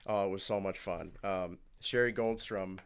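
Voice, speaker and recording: A man's voice: deep voice, normal speed, slight background noise. A young man, a podcast regular who races cars, telling casual stories with lots of laughter. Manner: animated, laughs through his stories. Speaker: podcast guest, race car driver. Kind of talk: casual storytelling.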